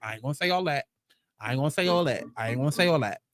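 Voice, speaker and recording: Blunt, high-voiced man ranting on camera. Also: lively intonation, racing, over music. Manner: blunt, profane, repeats phrases for emphasis; exasperated, sarcastic rhetorical questions. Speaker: commentary host. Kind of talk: storytime commentary rant.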